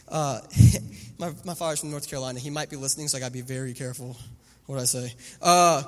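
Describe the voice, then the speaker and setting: A man in his thirties preaching a sermon, telling stories animatedly and acting out the voices of the people in them. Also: medium pitch. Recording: long hall reverb with faint music.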